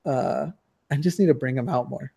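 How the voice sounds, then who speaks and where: A man chatting casually on a video call, joking and self-deprecating, with halting restarts. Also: mid-range voice, vocal fry, warm tone, slightly rough.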